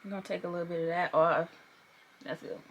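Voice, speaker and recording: A woman's voice: lowish voice, flat delivery, quick pace. Young woman talking thru her makeup routine, joking around and cussing a little, super casual. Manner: chatty and playful, swears and laughs while working. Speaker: beauty vlogger. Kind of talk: casual makeup tutorial chat.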